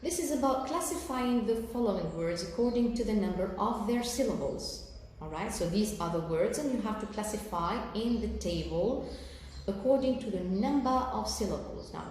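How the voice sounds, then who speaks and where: A woman's voice: medium pitch, darkish tone. Echoey Algerian-accented woman teaching English. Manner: slow, careful explanations with fillers and check-in "okay?". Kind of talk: recorded televised lesson. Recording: very echoey room with faint background noise.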